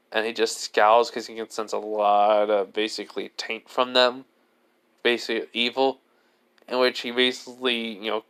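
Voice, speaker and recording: A man's voice: medium pitch, fairly bright tone, smooth. A man casually improvising a fan story, rambling and leaning heavily on filler words. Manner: rambling, leans on "basically" and "you know" fillers.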